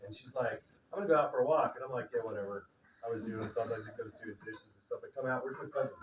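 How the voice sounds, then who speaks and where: A man's voice: mid-range voice, very fast, background noise. A middle-aged man telling a loose, humorous story about his cousin at a memorial gathering, with plenty of fillers and quotes he acts out. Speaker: eulogy speaker, cousin of the deceased. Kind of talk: informal storytelling eulogy. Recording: distant, roomy, with audience murmur.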